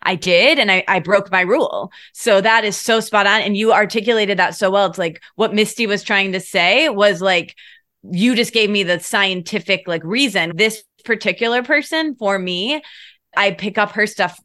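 A woman's voice: mid-range voice, moderate pace, fairly bright tone, dry recording, clean studio sound. A woman talking as a podcast guest in casual conversation, rambling and emotional, with lots of filler words.

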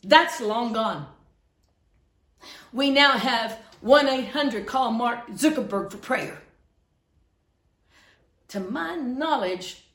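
A middle-aged woman pastor preaching fervently, swinging from loud scolding to hushed earnestness. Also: on the high side, roomy sound. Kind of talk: preaching to camera.

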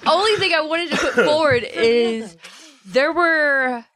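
A woman in casual podcast chat who jumps in quickly to tease and ask questions. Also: sits high, fairly bright tone.

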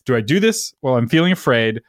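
A man's voice: medium pitch, very animated, quick pace, dry recording, studio quality. A man explaining ideas in a casual faith conversation with a preacher-like manner, often checking in with "right?".

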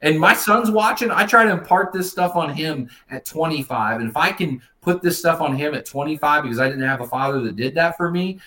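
A man's voice: a little high, a little fast, few pauses, sharp tone. Enthusiastic man in his fifties. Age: 50s. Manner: enthusiastic, repeats words. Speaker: co-host. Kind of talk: casual chat.

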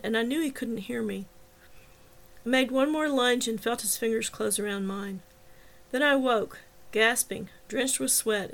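A woman's voice: fairly high pitch, a bit bright. Woman narrating her own novel. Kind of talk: first-person audiobook narration.

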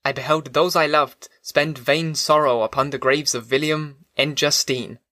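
Male audiobook narrator, measured and dramatic, slightly high and bright. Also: fairly even intonation, no room sound, clean studio sound. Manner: measured, dramatic literary reading. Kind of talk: scripted narration.

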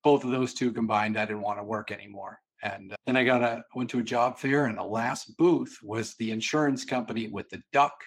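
A man from Boston, a sales consultant and podcast guest, who tells stories in an animated way and acts out the voices in them. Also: mid-range voice, brisk, few pauses, breathy edge. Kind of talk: storytelling in a podcast interview.

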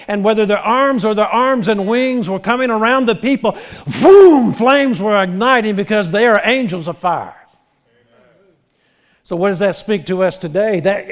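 A man preaching a sermon as pastor, animated, retelling scenes with quoted dialogue and frequent restarts. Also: high-pitched.

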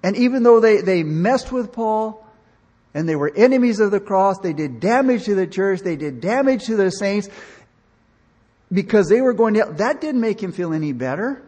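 A man's voice: sits high, lively intonation, normal speed, darkish tone. A man preaching an earnest, emotional sermon, often restarting his words and acting out the voices in his stories, recorded in a church hall. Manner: acts out dialogue in the story he tells. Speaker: pastor. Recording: long reverb of a large hall.

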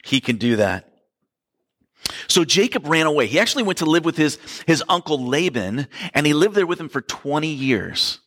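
A man's voice: fairly high pitch, sing-song, normal speed, a bit bright. A man preaching a sermon, retelling a story in a casual, joking way. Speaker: pastor. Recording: long hall reverb.

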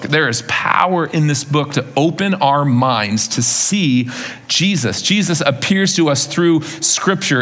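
Pastor, male, mid-pitched voice, casual storytelling sermon, big church echo. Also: fairly bright tone. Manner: conversational, rhetorical questions, vivid retelling. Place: church sanctuary. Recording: long reverb of a large hall.

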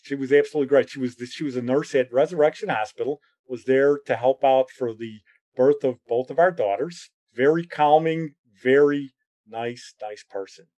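A middle-aged man telling personal memories in a casual, rambling way. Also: moderate pace. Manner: rambling, conversational, drops lower and quieter when reflective. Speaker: storyteller.

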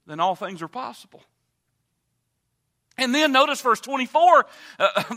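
A man preaching a sermon in a church, moving from quiet teaching to loud, impassioned appeals. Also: normal speed. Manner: builds from low calm to loud impassioned preaching. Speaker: pastor. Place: church sanctuary.

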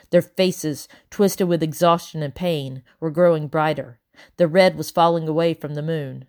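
A woman reading a children's novel aloud in a measured, expressive way. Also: deep voice. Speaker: audiobook reader.

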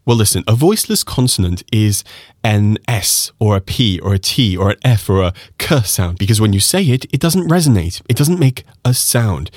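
Male podcast teacher; low, animated delivery, methodical and encouraging, dry close recording. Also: dry recording. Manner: methodical, encouraging, demonstrates sounds slowly. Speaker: French pronunciation teacher. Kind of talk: podcast lesson.

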